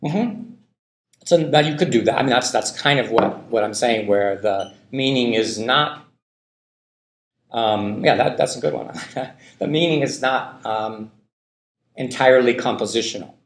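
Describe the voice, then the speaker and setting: A man's voice: mid-range voice, measured pace. A man giving a university linguistics lecture, thinking aloud with many fillers and frequent "right?" checks to the class. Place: lecture hall. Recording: echoey lecture hall.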